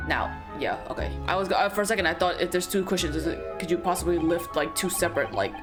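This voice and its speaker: A woman's voice: on the low side, lively intonation, fast. A woman giving casual commentary while playing a story game, rambling and self-deprecating, swearing now and then. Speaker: let's play streamer. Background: game music.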